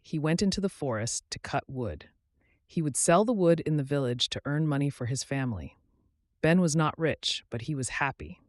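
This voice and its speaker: A man hosting his channel, narrating a children's story clearly and expressively for English learners. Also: a little high, no room sound, studio quality.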